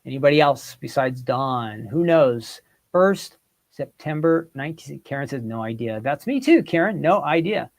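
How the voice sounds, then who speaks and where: A man with a fairly high, expressive voice hosts a casual quiz livestream at a moderate pace. He reads aloud what viewers guess and comment, teasing them in good fun.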